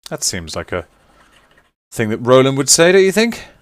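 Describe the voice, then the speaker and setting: A man's voice: mid-range voice, very animated, normal speed, no room sound. A man chatting casually with viewers on a live stream while signing autographs, teasing and reading out names.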